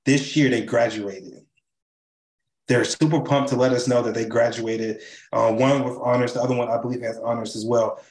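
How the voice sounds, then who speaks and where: A man speaks with animated enthusiasm as an interview guest, often ending thoughts with a quick "right?". His voice sits in the middle of the male range. The remote call audio sounds roomy and reverberant. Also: mid-range voice. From Chicago. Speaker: charity CEO and co-founder, guest. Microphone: video call.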